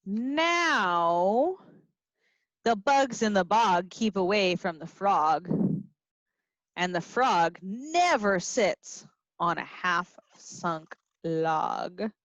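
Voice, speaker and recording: A woman teacher reading a picture book and singing to young children in an expressive, playful way, with little gasps and asides. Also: mid-range voice, very slow, no room sound. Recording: dry, slightly dull lo-fi sound.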